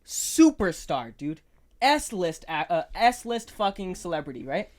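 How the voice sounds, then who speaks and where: A man's voice: high-pitched, big pitch swings, slow. A young man co-hosting a casual podcast chat, swearing constantly and rambling with emphasis. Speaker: podcast co-host.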